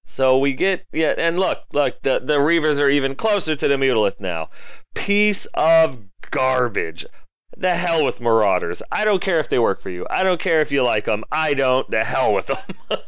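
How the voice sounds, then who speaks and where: A man talks through a tabletop battle turn by turn, chatty and self-deprecating, then breaks into comic exasperated rants. His voice is smooth and clear. It is close-miked in a dry space with a slightly dull, lo-fi sound. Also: mid-range voice, animated, a little fast, a bit bright, dry recording. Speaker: wargaming battle report narrator. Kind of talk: casual battle report voice-over.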